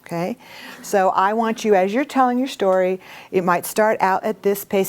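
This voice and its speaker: A middle-aged woman teaching a workshop, expressive and animated, often laughing as she talks. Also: medium pitch, brisk. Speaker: workshop trainer.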